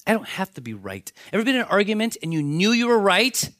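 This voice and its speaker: Animated male preacher, slightly high voice. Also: quick pace, dry recording, clean studio sound. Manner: animated storytelling, acts out voices of biblical characters. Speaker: pastor. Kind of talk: sermon.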